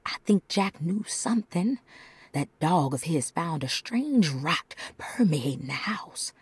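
A woman voicing an anxious young diary writer in a breathy whisper, as a whispered role-play in a game. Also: deep voice, expressive, slow pace, no room sound, heavily acted.

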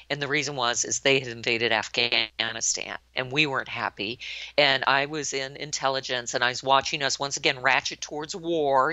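Her voice very deep, a woman in her sixties who retired as a U.S. army colonel recounts anecdotes for a podcast interview, performing the lines she quotes with lively storytelling. The sound is dry, dull and lo-fi, with no room sound.

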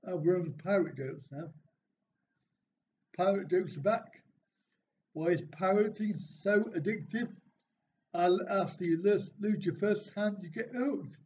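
A man hosts a casual live stream, reading out viewers' jokes and questions from the chat and answering with dry, self-mocking remarks. His voice sits a little high. The sound is dull and lo-fi, with a faint hiss underneath. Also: measured pace, pauses often, dark tone. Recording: dull, slightly lo-fi stream audio with faint noise.

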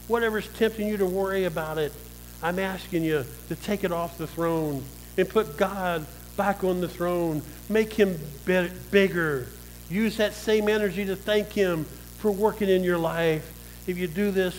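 A man's voice: high-pitched, normal speed, a little hiss or hum, low-quality recording. A male pastor preaching a sermon, calling out to the church and asking them for an amen. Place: church sanctuary.

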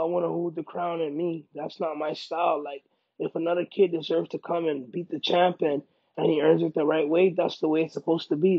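A man, a professional fighter, speaking in a casual interview, emphatic and animated, often repeating himself for emphasis. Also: on the high side, slightly rough, dull audio. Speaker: MMA fighter.

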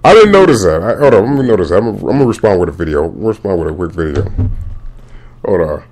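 A man's voice: low-pitched, quick pace, mellow. A man hosting a podcast, giving casual, rambling movie commentary full of restarts and slang. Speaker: podcast host.

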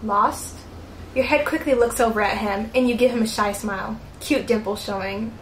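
A young woman reads fan fiction aloud in a slightly high voice, stopping often for giggly, mock-horrified remarks. The room sounds echoey, with a faint hiss under her voice. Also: fairly even intonation, brisk. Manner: giggly, mock-outraged asides between read passages. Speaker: YouTuber. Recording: roomy echo, faint background noise.

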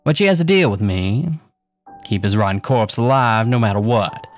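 A man's voice: fairly low pitch, expressive, normal speed, soft background music, close to an everyday voice. Baron Samedi, a man doing a nasal spirit of the dead. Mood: sly. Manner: gruff, then chuckling and sly. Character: nasal, cigar-chewing male spirit of the dead. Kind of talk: horror story narration.

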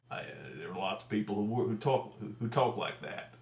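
A man's voice: fairly low pitch, brisk, darkish tone, reverberant. Rambling man with a Central Ohio accent. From Ohio, USA. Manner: hesitant, rambling, many fillers. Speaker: video blogger. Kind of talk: casual rambling vlog. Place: room at home in front of computer.

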